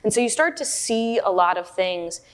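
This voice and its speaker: A woman's voice: mid-range voice, animated, normal speed, clear, resonant tone. A woman giving a dharma talk, telling a personal story in a candid, self-deprecating way. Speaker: meditation teacher.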